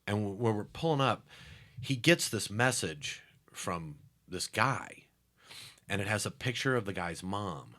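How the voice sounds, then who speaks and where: Animated man telling funny stories. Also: fairly low pitch, unhurried. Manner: acts out quotes loudly, laughs through his stories. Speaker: comedian guest. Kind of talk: animated storytelling in a casual interview.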